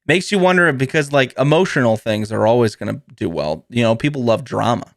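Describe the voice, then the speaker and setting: A man's voice: mid-range voice, brisk, vocal fry, no echo, studio quality. A man hosting his own podcast, talking casually and rambling with lots of fillers, often laughing and acting out voices. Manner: animated storytelling with mimicked voices. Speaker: podcast host. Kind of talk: casual solo podcast chat.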